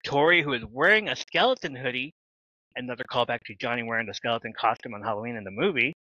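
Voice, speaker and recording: Man, podcast co-host, bright tense voice, joking recap, dull lo-fi sound. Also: mid-range voice, fast talker. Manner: joking, rambling with fillers and mock-dramatic asides. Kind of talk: casual chat recapping a TV episode.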